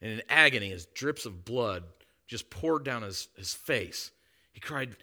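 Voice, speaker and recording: A man preaching a sermon with emphatic delivery, shifting from hushed tones to loud declarations. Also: mid-range voice, animated, unhurried.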